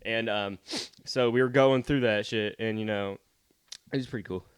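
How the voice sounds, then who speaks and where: A man's voice: fairly low pitch, fairly even intonation, normal speed, clear, resonant tone. A young man on a podcast telling rambling childhood stories in casual chat, swearing freely and acting out quotes. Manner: rambling storyteller, swears a lot, acts out quotes. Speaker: podcast co-host.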